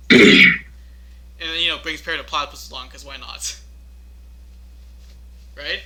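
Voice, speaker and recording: Man, casual podcast chat, fairly high voice, very bright tone, laughs and restarts a lot. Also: fairly even intonation, unhurried. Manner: laughing, rambling, stumbling restarts. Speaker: podcast co-host. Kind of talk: casual chat among friends.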